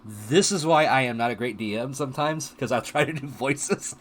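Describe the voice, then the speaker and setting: A man chatting casually as a guest on a live stream, animated and laughing, his voice a little strained. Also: mid-range voice, normal speed, slight background noise.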